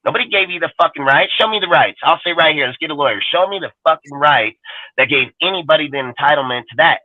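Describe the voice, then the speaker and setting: A man hosting a fan talk show, ranting heatedly with constant profanity and repetition, his voice jumping loud and high when angry. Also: expressive, fast, no room sound. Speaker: show host. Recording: tinny phone-like line, dry.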